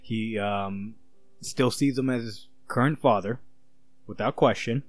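A man's voice: fairly low pitch, unhurried, no echo, faint music behind. A man co-hosting a casual chat, rambling and joking with lots of fillers.

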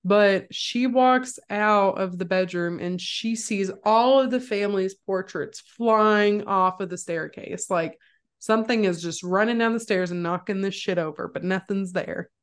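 Speaking slightly slowly with a clean tone, a young female podcast co-host walks through a horror film one scene at a time in a laid-back way. She brings the story to life, performing the lines with leaps in pitch.

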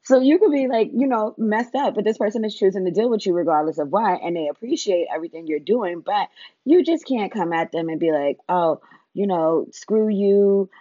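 A woman's voice: medium pitch, lively intonation, brisk, mellow, no room sound, muffled recording. A woman, ranting bluntly and profanely, laughing as she talks. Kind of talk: casual comedic rant.

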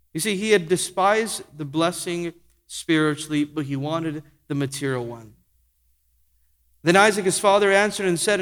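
A pastor preaching a sermon with emphatic delivery, slowing and speeding up for effect and repeating key phrases. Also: male voice, sits high. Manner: emphatic preaching, varying pace and volume. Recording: echoey hall with long reverb.

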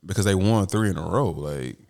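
A man's voice: low voice, brisk, creaky, darkish tone. A man in a casual sports debate, arguing animatedly with loose slang.

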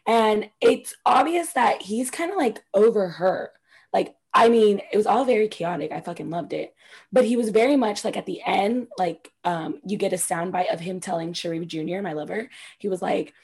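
Husky woman gossiping animatedly. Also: medium pitch, normal speed. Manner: animated, swearing, acts out quotes with loud squeals. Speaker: podcast co-host recapping reality TV. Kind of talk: casual chat.

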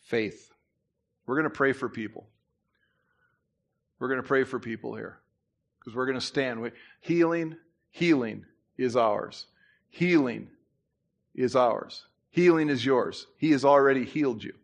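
A man preaching a sermon in church, conversational with asides and restarts, who climbs louder and higher to drive his points home. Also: unhurried, gravelly, pauses often. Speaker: pastor.

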